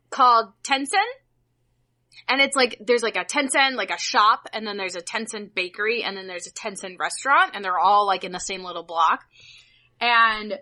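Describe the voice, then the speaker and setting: Bright, excitable woman chatting. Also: a little high. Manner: excitable, gushing, lots of fillers. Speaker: podcast co-host. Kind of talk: casual chat.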